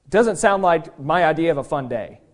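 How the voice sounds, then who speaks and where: A male pastor preaching in a high voice that swings widely up and down. He is emphatic and animated, and he acts out the voices in the quotes he tells. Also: fairly quick. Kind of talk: sermon.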